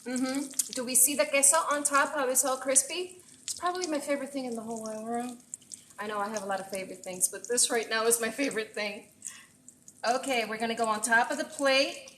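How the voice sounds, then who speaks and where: Bright, gushing woman cooking live. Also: on the high side, a little fast, reverberant, a little hiss or hum. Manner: gushing, exclaims often, mixes in Spanish phrases. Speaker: chef streaming a cooking session. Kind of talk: casual livestream cooking chat. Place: home kitchen.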